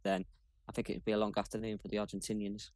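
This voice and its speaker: A man talking football as a guest on a casual chat show, measured and thoughtful. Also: on the low side, little pitch movement, darkish tone, no echo. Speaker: guest pundit.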